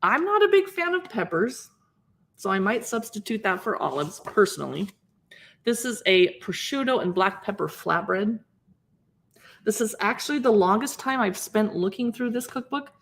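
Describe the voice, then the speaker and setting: A woman's voice: mid-range voice, expressive, moderate pace, a little hiss or hum. A woman in her fifties hosts a casual livestream, chatting as she pages through a cookbook, reading recipe names aloud and greeting viewers. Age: 50s. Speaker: livestream host.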